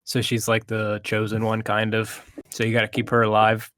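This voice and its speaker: A man's voice: on the low side, completely flat delivery, normal speed, a bit bright, no room sound. Male co-host, casual movie talk, hesitant retelling, dry sound. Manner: retells plot with hesitations and restarts. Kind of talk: casual chat.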